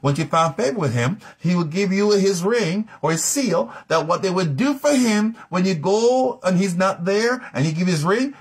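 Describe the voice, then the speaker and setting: A man's voice: high-pitched, slightly rough. A middle-aged man teaching a live-streamed Bible study in an emphatic, repetitive, preacherly manner.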